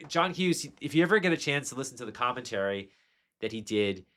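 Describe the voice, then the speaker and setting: Rambling podcast host, middle pitch. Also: male voice, expressive, fairly quick, fairly bright tone. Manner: enthusiastic, rambling with many restarts and fillers. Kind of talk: casual film discussion.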